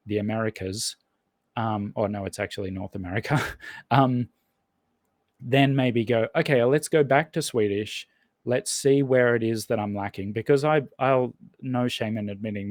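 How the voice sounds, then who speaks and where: A man's voice: mid-range voice, a little mellow, dry recording. A man as a podcast guest in casual conversation, rambling and thinking aloud with lots of restarts. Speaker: podcast guest, language learner.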